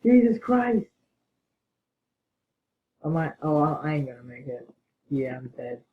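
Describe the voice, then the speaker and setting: A man giving excitable gaming commentary, bursting into panicked yelling and muttering asides under his breath. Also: on the high side, unhurried. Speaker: gamer. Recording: tinny phone-like mic with faint hiss.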